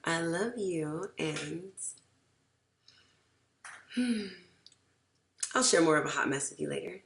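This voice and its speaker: A woman's voice: low-pitched, animated, takes it slowly, creaky, noisy background. A woman telling a storytime vlog in a frank, rambling way, swearing freely and saying "like" a lot. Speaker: vlogger. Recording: roomy echo, mic far off.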